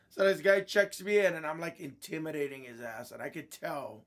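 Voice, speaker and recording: A man, a host of a card-breaking stream, telling a blunt, irritated story in casual chat, clearing his throat often. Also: a little high, steady tone, moderate pace, fairly bright tone.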